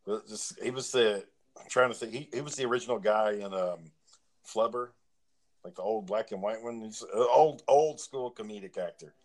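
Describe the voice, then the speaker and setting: A man's voice: fairly low pitch, normal speed. A man in casual chat with friends, telling long rambling stories and acting out what people said. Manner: rambling storyteller, acts out quotes.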